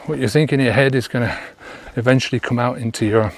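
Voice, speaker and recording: A man's voice: mid-range voice, fairly even intonation, fast. A man giving a casual, rambling talk to camera as a coach, full of fillers and restarts. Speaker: online coach.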